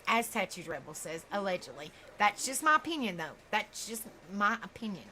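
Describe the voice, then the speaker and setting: A woman's voice: medium pitch, big pitch swings, normal speed, pushed and bright, slight background noise. A woman hosting true crime reaction commentary, talking straight to her viewers, outspoken, often stumbling over words.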